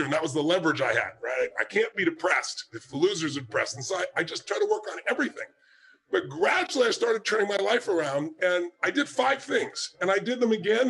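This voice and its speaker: A man's voice: high-pitched, fairly bright tone. A man in his sixties giving a motivational talk, telling stories emphatically and acting out quotes. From United States. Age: 60s. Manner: storytelling, emphatic, acts out quotes. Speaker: motivational speaker.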